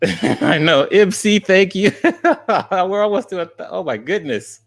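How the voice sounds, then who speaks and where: A man's voice: high voice, lively intonation, unhurried, gravelly. A man streaming live, laughing often and thanking viewers by name as he gets through the questions. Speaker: streamer and college teacher.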